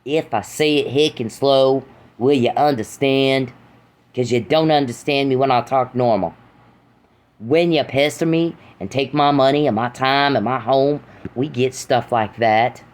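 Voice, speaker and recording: Woman putting on a slow country hick drawl. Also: a bass voice, a little mellow. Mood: mocking. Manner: slow, drawn-out mock drawl.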